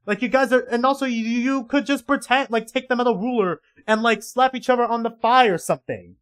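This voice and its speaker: A man's voice: extremely high pitch, brisk, a bit bright, clear, resonant tone. A man livestreaming casual reaction commentary, rambling and swearing heavily in an exasperated way.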